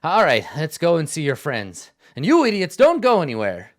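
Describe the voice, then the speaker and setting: A man voicing a huge, stern but bumbling male camp commander in a tabletop game, gruff and suspicious. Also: on the high side, animated, normal speed, a bit bright. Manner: gruff and suspicious, easily distracted.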